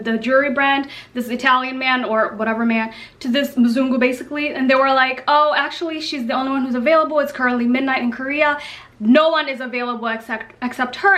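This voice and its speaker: A young woman telling a story in a casual, animated, slang-filled vlog. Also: sits high. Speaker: vlogger.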